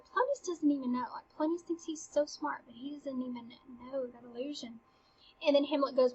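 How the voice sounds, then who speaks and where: A woman's voice: sits high, brisk, a little mellow, highs cut off. A woman teaching, casually walking through a play scene by scene in a chatty, eager way. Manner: chatty and eager, retells lines with "he's like".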